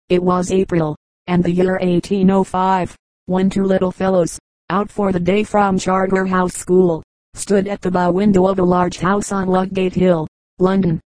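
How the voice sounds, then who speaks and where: A woman reading a storybook aloud in measured, scripted narration. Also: lowish voice, a little mellow, dry recording, low-quality recording. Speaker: audiobook reader.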